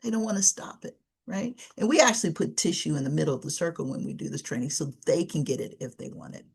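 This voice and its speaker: Lively woman leading a webinar training. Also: deep voice, fast, creaky, slightly rough. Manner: lively, acts out dialogue examples, laughs often. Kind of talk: online training presentation. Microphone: webinar computer mic.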